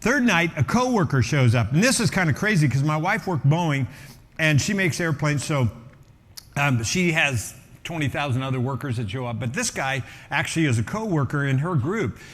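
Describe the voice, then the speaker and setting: A middle-aged man, a pastor, telling a story in a sermon with lively energy and acting out the voices of people in it. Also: fairly high pitch, moderate pace, long reverb tail. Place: church auditorium.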